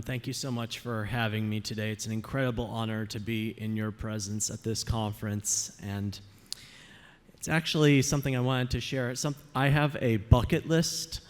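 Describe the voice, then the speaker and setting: A man delivering a conference keynote speech on stage, upbeat and joking as he speaks straight to the audience. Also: medium pitch.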